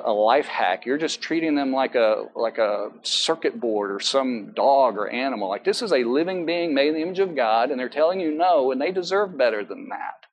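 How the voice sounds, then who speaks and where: A man's voice: mid-range voice, a little hiss or hum, rough recording. A man preaching as pastor in a church, talking in a conversational way with many asides and self-corrections. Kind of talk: sermon. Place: church sanctuary.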